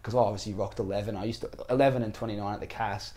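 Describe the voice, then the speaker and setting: Australian man, animated storytelling. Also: fairly low pitch, very fast. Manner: animated storytelling, laughing, slangy. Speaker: podcast host. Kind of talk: casual chat.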